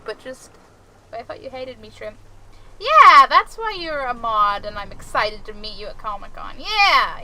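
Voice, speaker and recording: A young woman streaming and chatting casually with her viewers, giggly and rambling, swinging between excited and chill. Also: fairly high pitch, a little hiss or hum, low-quality recording. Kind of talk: casual chat with live chat.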